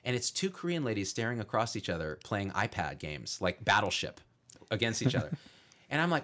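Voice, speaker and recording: A man being interviewed as a guest, telling funny stories in an animated, jokey way and laughing along. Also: on the low side, brisk. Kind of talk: comedic storytelling in an interview.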